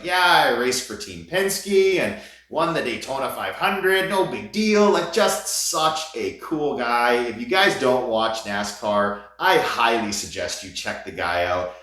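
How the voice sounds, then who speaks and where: A man telling an excited vlog story, gushing, with his voice jumping high at the thrilling parts. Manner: animated, gushing, voice jumps high when excited. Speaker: vlogger. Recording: very echoey room.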